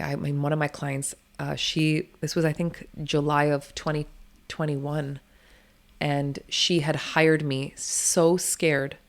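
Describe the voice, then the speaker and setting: A woman, a doula and interview guest, telling her stories in a blunt, emphatic way and swearing freely. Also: deep voice. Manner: rapid, run-on storytelling. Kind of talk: candid storytelling interview.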